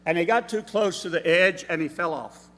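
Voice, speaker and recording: Guy preaching a sermon, slightly high voice, slow and explanatory, long echo in the church. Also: bright, forceful tone. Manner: measured, explanatory preaching with pauses. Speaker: substitute preacher. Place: church sanctuary. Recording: reverberant church hall.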